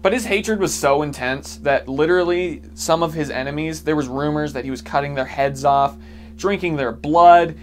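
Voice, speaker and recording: A man's voice: a little high, normal speed, slight background noise. A man narrating a history vlog, joking and irreverent between facts. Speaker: video essay host.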